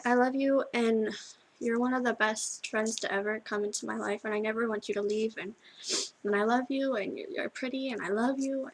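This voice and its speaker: A teenage girl speaks through tears in a heartfelt video message, stopping and restarting with fillers. Her voice is slightly high and breathy. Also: low-quality recording. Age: teens. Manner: halting and tearful, full of restarts and fillers. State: crying. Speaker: vlogger. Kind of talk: emotional video message to a friend.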